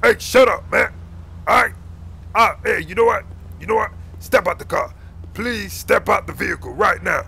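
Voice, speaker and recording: Man voicing a blustering cop, comedy skit, high voice, gravelly edge, bright tone, faint hiss. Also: expressive, normal speed, exaggerated voice. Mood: bossy. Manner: blustering, yells shut up, fumbles and mutters. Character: bossy, bumbling young male street cop.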